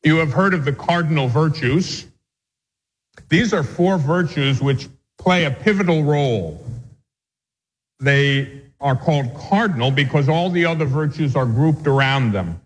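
A man teaching catechism as a priest, his voice set a little high for a man. He moves between reading definitions aloud and commenting on them with plain, homely examples. The sound carries a long hall reverb. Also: expressive, measured pace, breathy edge. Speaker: Catholic priest teaching a class. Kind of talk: catechism class lecture.

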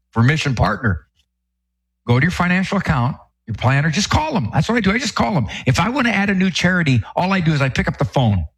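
A man's voice: on the high side, breathy edge. An older man giving folksy, emphatic advice on a radio talk show in a studio, repeating his key points.

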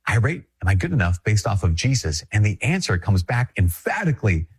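A Catholic priest from Minnesota giving a conversational, emphatic reflection, repeating phrases and chuckling often. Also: male voice, lowish voice, very animated, fairly quick, breathy edge. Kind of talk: spoken reflection to an audience.

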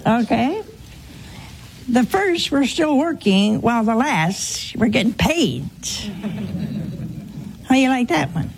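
A woman's voice: fairly high pitch, sing-song, slow, gravelly, long pauses, background noise. An older woman preaching a sermon, telling stories and acting out the voices in them, sometimes dropping to a whisper. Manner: storytelling with acted-out quotes and whispers. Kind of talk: sermon on a gospel parable.

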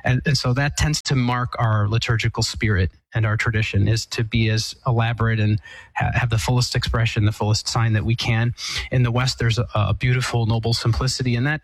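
A man of middle pitch, an Eastern Catholic priest, takes a listener's question on a call-in program. He explains patiently and reflectively, circling back and restarting phrases as he works toward the point. His voice is close and dry in a studio. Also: level tone, a little fast, no room sound, low-quality recording. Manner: thoughtful, explanatory, with frequent restarts. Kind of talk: call-in Q&A answer.

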